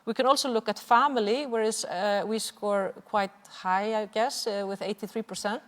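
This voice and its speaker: Icelandic woman activist at a seminar, fervent but halting, mid-pitched, long hall reverb. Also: steady tone, a bit bright. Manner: earnest, impassioned, with frequent hesitations. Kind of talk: seminar presentation with slides. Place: large hall at a cultural venue.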